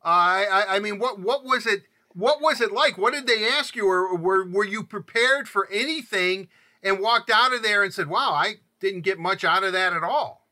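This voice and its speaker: An older man from Southeast Michigan hosting an interview, talking in halting, rambling sentences full of restarts. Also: sits high, sharp tone. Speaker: podcast host. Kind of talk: conversational interview.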